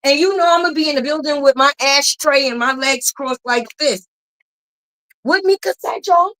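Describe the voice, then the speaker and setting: Female commentary host, high voice, sassy and blunt, heavy on the mm-hmms. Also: fairly bright tone. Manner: sassy, emphatic, with frequent drawn-out mm-hmms; blunt and profane. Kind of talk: casual gossip commentary.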